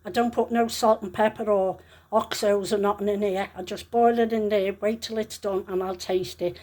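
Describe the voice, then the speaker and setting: A woman's voice: mid-range voice, fairly even intonation, moderate pace, dark tone. An older woman, a grandmother cooking at home, who talks in a chatty, rambling way and often corrects herself mid-sentence. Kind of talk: casual cooking vlog. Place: home kitchen.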